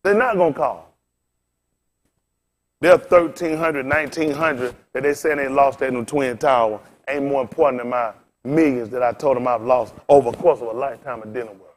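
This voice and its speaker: A man's voice: medium pitch, normal speed. A man in his fifties preaching to his congregation, tired and frustrated, firing off rhetorical questions and repeating phrases with sudden rises and drops in force. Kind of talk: impassioned sermon to a congregation.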